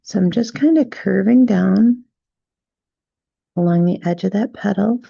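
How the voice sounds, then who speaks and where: A woman teaching a step-by-step drawing tutorial, gently talking through each stroke and checking in with "right?" as she goes. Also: medium pitch, unhurried, vocal fry, slightly rough, no room sound, dull audio. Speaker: drawing instructor.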